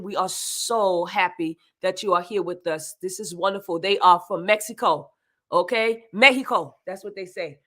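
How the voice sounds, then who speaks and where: A woman's voice: lowish voice, a bit bright. A woman host and moderator opening a livestream, energetically calling out viewers' towns and welcoming them.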